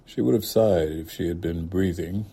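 A man reading a literary short story aloud in a calm, measured way. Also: low voice, breathy edge. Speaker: reader.

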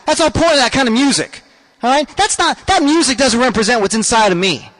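A man's voice: extremely high pitch, lively intonation, fast, a bit bright. A man hosting a show, delivering a rambling, stammering, indignant comic rant. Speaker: radio show host. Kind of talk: comic ranting monologue.

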